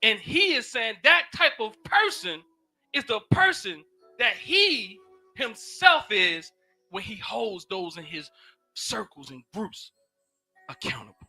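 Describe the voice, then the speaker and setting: A man giving an impassioned sermon-style talk in a casual, preacherly way, swinging from loud shouts down to low murmurs and repeating phrases. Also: very animated, slow, faint music behind. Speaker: speaker giving a teaching.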